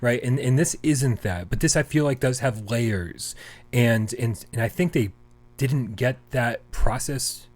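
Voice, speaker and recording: A man with a mid-range voice co-hosting a casual podcast chat. He is excitable and laughs a lot, often restarting his sentences. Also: medium pitch, unhurried. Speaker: podcast co-host.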